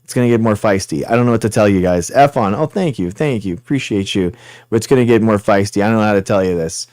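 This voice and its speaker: A man's voice: lowish voice, quick pace, a little mellow, dry recording, clean studio sound. A man hosting a livestream, casually rambling through thanks and apologies as he signs off. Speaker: host.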